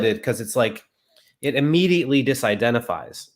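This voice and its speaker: A man's voice: mid-range voice, animated, fairly quick. Eager conversational man, a returning guest. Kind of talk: casual discussion.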